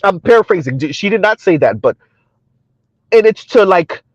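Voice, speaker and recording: A man's voice: high voice, animated, moderate pace, slightly rough, dry recording, muffled recording. A middle-aged man hosting a casual livestream, reading chat aloud, loose and colloquial, with frequent chuckles. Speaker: livestream commentary host.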